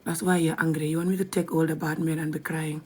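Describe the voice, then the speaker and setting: Her voice is low, level and husky with a darkish tone, and she speaks quickly. This young Gambian woman chats frankly during a live stream, laughing a lot and occasionally whispering.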